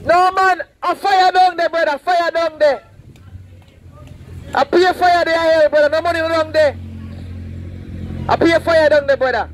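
A man's voice: very high voice, fairly even intonation, unhurried, long pauses, poor audio. A man preaching outdoors on a roadside, fervent and repetitive, warning and pleading with passersby. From Saint Vincent. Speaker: street preacher. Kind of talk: open-air preaching.

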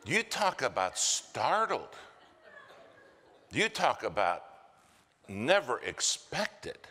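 American male preacher, lively storytelling delivery, slow unhurried pace, ringing church reverb. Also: mid-range voice, a little hiss or hum. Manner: animated storyteller acting out quoted voices. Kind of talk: storytelling sermon. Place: church sanctuary.

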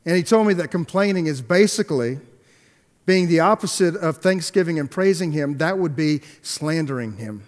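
Man preaching in an echoey hall. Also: a little high. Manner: animated storyteller, swings between hushed and emphatic; halting restarts and repeated words. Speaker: pastor. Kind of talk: storytelling sermon. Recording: long echoey hall reverb.

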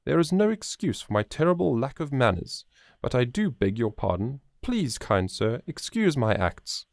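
A man voicing a boisterous, jolly young peasant man who booms and turns mock-formal in a storybook reading. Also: moderate pace, vocal fry, dry recording, studio quality. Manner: booming, playfully over-proper, stammers when excited.

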